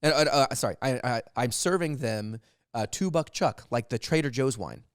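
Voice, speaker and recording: A man's voice: medium pitch, lively intonation, normal speed, smooth, no room sound. A man in his thirties spinning a long comic anecdote, his voice rising and falling a lot. He rambles and restarts as he goes, recorded close and dry. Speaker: comedy podcast co-host. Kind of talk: casual chat, comic storytelling.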